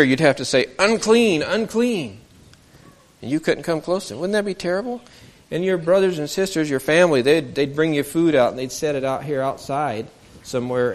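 A man telling a Bible story to children, asking them questions and acting out the voices in the story. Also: mid-range voice.

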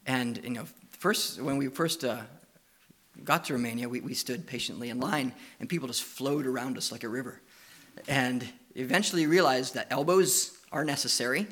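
A man preaching a sermon. He tells lively stories and coaxes the children with questions. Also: medium pitch, normal speed. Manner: lively anecdotal storytelling, coaxing questions to children.

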